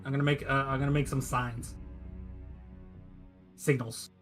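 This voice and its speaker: A man playing a tabletop game, halting and hesitant as he plans out loud. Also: mid-range voice, little pitch movement, soft background music. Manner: hesitant, many fillers and restarts. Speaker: player. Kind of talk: casual chat at a tabletop game.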